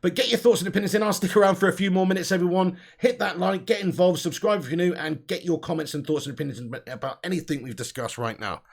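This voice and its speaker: Young male streamer, chatty and excitable, slightly high voice with gravel, reads viewer comments. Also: quick pace, hardly any pauses. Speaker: host of a fan channel livestream. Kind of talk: live chat reading viewer comments.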